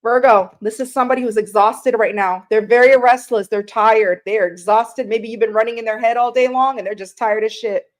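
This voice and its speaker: Chatty tarot-reading woman, fairly high voice. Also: fairly even intonation, fairly quick, hardly any pauses. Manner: chatty, greets viewers by name, swears casually. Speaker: tarot reader. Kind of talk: live-stream tarot reading.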